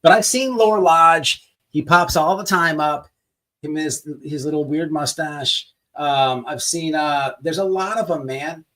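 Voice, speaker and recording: A man hosting a casual livestream, rambling and swearing as he mocks people online, sometimes slipping into a mock sales pitch. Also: steady tone, measured pace, fairly bright tone. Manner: rambling, profane, mocking. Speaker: livestream host.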